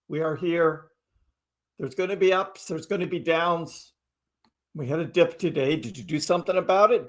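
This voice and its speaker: Guy with a pretty high voice talking casually on a livestream, keeps saying right?. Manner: chatty, keeps asking "right?". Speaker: crypto livestream host.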